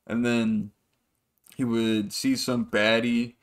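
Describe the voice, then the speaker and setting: A man's voice: medium pitch, level tone, takes it slowly. A man hosting a podcast, rambling through a casual story, swearing freely and acting out the people in it. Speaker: podcast host.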